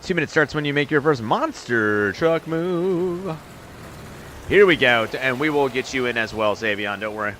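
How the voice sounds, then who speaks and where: A man streaming and giving quick, upbeat live commentary on viewer runs in a game, calling scores and turn order. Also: medium pitch, animated, a bit bright, a little hiss or hum. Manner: upbeat, quick hype calls with laughs.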